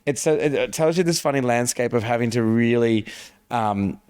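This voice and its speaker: A man in his thirties chatting as a podcast guest, relaxed and quick to poke fun at himself. He often restarts his sentences, and his voice sounds smooth and clear. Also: medium pitch. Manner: relaxed, self-mocking, halting restarts. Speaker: podcast guest, director and screenwriter. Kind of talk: casual podcast chat.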